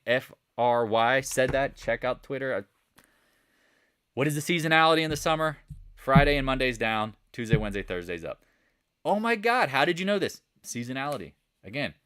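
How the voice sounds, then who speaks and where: A man hosting a live stock market chat, coaching viewers with lots of rhetorical questions in an animated, casual way. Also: lowish voice, smooth. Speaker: trading channel host.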